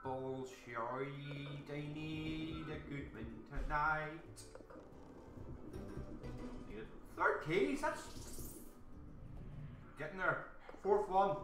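An excitable Irish man hosting a live slots stream, chatting casually with viewers and cheering loudly at bonus rounds. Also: a little high, very slow, long pauses. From Ireland. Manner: casual chatty banter with swearing. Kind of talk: live stream chat reading out viewers' comments. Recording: roomy echo with game music behind.

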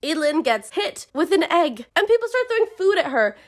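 A woman's voice: very high voice, big pitch swings, a little fast. Give me a sarcastic young woman ranting through a book recap. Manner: sarcastic, profane, reads passages aloud. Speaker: book reviewer.

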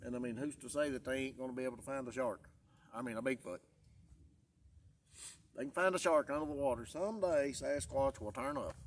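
A man's voice: medium pitch, brisk, pauses often, slight background noise. Rambling man outdoors. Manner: folksy, rambling, repeats himself. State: tired. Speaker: vlogger. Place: outdoors in the woods.

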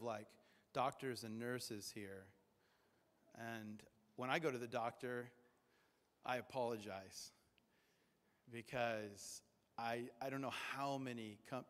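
A man in the pulpit delivers a loose, chatty sermon at an ordinary middle pitch. He drifts into jokes and brief put-on voices for the people in his stories. His words ring out with a long reverberant tail. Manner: conversational and jokey, acts out quoted voices. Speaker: pastor. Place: church sanctuary.

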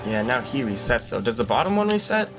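Over music, a man hosting a gaming channel gives jokey let's-play commentary, excitedly yelping and exclaiming as he plays. His voice is medium-pitched and his pace is quick.

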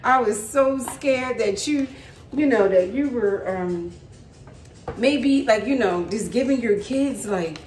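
A woman's voice: fairly high pitch, takes it slowly, a little mellow, far from the mic. A woman mimicking a fretful, prim older lady. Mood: relieved. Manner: earnest, worried, a little preachy. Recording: roomy, faint background hum.

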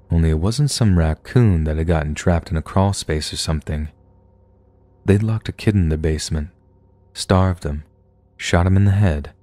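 A man with a very low, deep voice tells a true horror story in the first person. His scripted narration stays relaxed and conversational, like someone recounting events to a friend.

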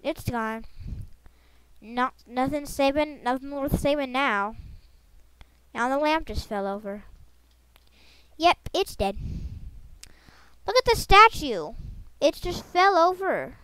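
A woman's voice: high-pitched, expressive, takes it slowly, pauses often, fairly bright tone, no echo, poor audio. A woman giving playful, rambling gameplay commentary, making silly sound effects and joking to her viewers as she plays. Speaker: gaming channel host.

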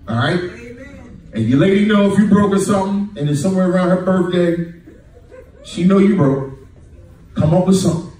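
A man's voice: high-pitched, brisk, pauses often. A man doing a stand-up comedy routine, telling stories and acting out the voices of his friends. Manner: animated storytelling, acts out voices of friends. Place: comedy club stage. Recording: echoey club, mic far, crowd laughing. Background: audience laughter.

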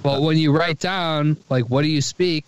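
A man's voice: a little high, moderate pace, clear, resonant tone. An American man co-hosting a podcast, bantering casually, swearing and joking as he argues his point. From United States. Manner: profane, joking, playfully argumentative. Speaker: podcast co-host.

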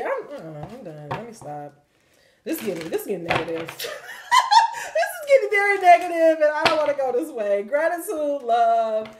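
A woman, speaking in a slightly high voice. She lectures her viewers bluntly and profanely, laughing as she goes. Her delivery keeps jumping between loud and quiet. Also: heavy background noise. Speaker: tarot reader and channel host. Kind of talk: candid spoken reading to viewers.

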